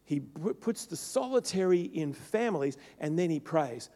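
Preacher in an echoing hall. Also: male voice, on the high side, expressive, moderate pace. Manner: builds to loud emphatic peaks, then drops soft. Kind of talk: sermon. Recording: long reverb of a large hall.

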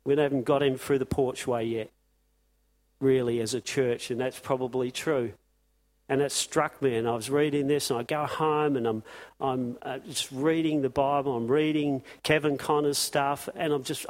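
A man's voice: mid-range voice, fairly even intonation, normal speed. A man preaching an impassioned sermon to his congregation, firing off rhetorical questions. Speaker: pastor.

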